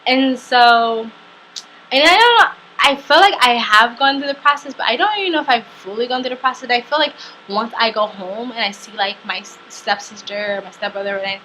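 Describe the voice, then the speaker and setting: A young woman vlogger telling a personal story in a halting way, full of fillers and restarts. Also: fairly high pitch, bright, forceful tone, slight background noise, rough recording. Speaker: travel vlogger.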